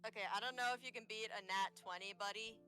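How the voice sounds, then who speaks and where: A woman player with a bright, forceful voice chats through her character's actions. Her talk is casual and full of "like", with faint music in the background. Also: fairly high pitch, steady tone, fast talker. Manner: chatty, laughing, full of "like". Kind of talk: casual tabletop play.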